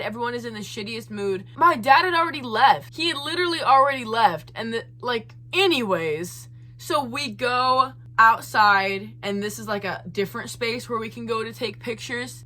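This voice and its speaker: A young woman vlogger telling a story in a casual, animated and exasperated way, full of asides. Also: mid-range voice.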